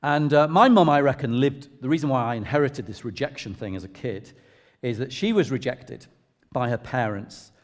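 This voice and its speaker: A middle-aged English vicar sharing a personal testimony in church, in a conversational, self-deprecating storytelling way. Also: male voice, mid-range voice, normal speed. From England. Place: church hall. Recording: long reverb of a large hall.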